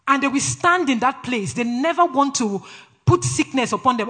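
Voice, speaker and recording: A man with a Nigerian accent preaching a sermon in a brash, forceful way. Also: extremely high pitch, lively intonation, moderate pace. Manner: brash, forceful, laughs often between phrases.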